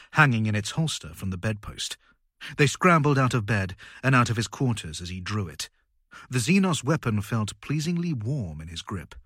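A man reading a story aloud in a measured, dramatic way. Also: on the low side, fairly bright tone, husky, dry recording, studio quality. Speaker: audiobook narrator. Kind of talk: scripted narration.

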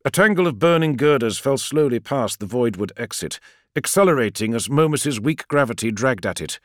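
A male narrator reads a science-fiction story with a lively, rising and falling delivery. His voice sits in a middle register and is recorded close and dry, with no room echo at all. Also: mid-range voice. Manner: measured, expressive storytelling. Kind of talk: scripted audiobook narration.

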